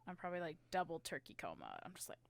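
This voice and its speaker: Lively giggly woman co-host. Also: fairly low pitch, fast talker, creaky, a little hiss or hum. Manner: playful, giggly, rambling. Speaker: podcast co-host. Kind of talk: casual chat.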